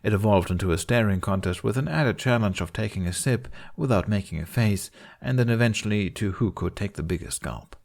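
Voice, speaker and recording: A man reading a fan fiction story aloud in calm, measured audiobook narration. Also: fairly low pitch, creaky.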